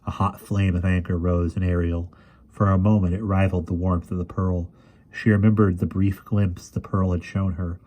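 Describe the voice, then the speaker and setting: A man reading a fantasy novel aloud at a steady, measured pace, with the odd small restart. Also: low voice. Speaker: reader. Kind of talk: audiobook narration.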